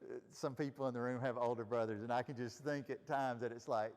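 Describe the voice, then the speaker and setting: A man's voice: mid-range voice, steady tone, brisk, darkish tone, big-room sound. A man leading a Bible study, teaching casually and asking the group questions. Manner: conversational, asks the group questions. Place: room with a group of listeners.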